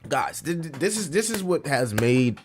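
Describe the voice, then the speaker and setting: A man's voice: on the high side, moderate pace, background noise. A man hosting a crypto livestream, chatting casually, talking slang, swearing and reading out chat comments. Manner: animated, slangy, swears, reads chat aloud.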